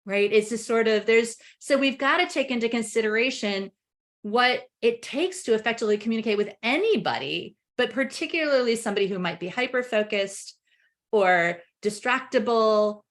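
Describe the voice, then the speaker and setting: A middle-aged woman speaking as a parenting coach in a casual webinar discussion, lively and quick to act out other people's words. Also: fairly high pitch. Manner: lively, acts out family members' voices in quotes. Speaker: parenting coach and expert guest.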